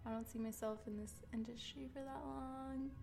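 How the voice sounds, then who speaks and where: A woman's voice: fairly high pitch, fairly even intonation, normal speed, vocal fry, darkish tone. Giggly young woman chatting casually. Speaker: podcast co-host. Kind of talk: casual chat.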